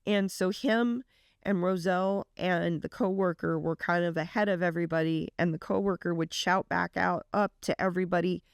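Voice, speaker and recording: A woman's voice: fairly low pitch, fairly even intonation, moderate pace, vocal fry, smooth, dry recording, clean studio sound. A woman reaction vlogger earnestly retelling a story in a casual, emotional way.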